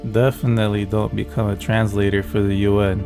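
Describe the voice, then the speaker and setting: Dry, creaky-voiced man doing comic commentary. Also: lowish voice, level tone, brisk, music in the background. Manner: dry, mock-serious translating. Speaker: video host. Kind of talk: comedic commentary.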